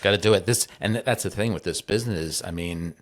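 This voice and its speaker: Man, middle-aged, very low voice, casual interview, playful chatty asides. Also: fast talker. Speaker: podcast conversation partner.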